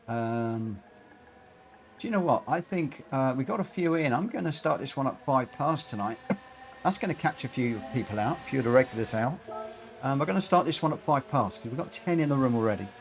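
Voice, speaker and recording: A man's medium-pitched, animated voice moves at a moderate pace as he streams a racing game live. He reads out the chat and chats with lots of fillers, slightly short of breath.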